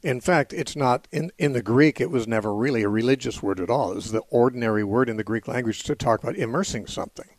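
A man teaching the Bible as host of a call-in radio show. He explains in a measured, patient way and stops to correct his own wording. The sound is dry and close, with no room around it. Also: medium pitch, no echo.

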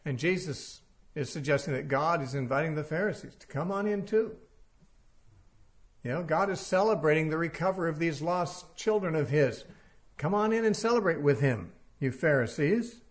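A man's voice: on the high side, animated, normal speed. A man giving a verse-by-verse Bible teaching, reasoning aloud and putting rhetorical questions to his listeners.

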